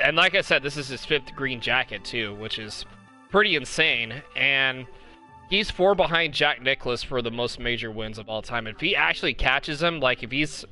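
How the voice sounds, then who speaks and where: A man's voice: medium pitch, pushed and bright. A young man from California hosting a casual live-stream podcast, rambling enthusiastically with lots of fillers and restarts. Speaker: podcast host.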